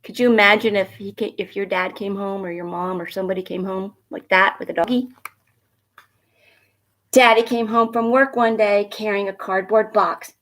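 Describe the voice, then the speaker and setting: A woman from a school reading a picture book aloud to children at home, gentle and expressive, a little nervous, chatting to the kids between pages. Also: mid-range voice, normal speed, a little hiss or hum. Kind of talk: storybook read-aloud for children.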